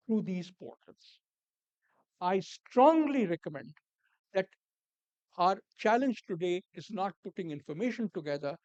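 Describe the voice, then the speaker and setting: A man giving a formal conference keynote in a measured, deliberate way, repeating key words for emphasis and dropping the odd dry aside. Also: high-pitched, darkish tone, dry recording, highs cut off. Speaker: keynote speaker. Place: conference hall.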